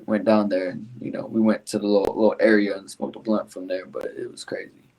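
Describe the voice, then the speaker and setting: A man's voice: lowish voice, flat delivery, brisk, a little mellow. A man hosting a podcast in casual chat, laid-back and slangy, swearing freely. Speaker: podcast host.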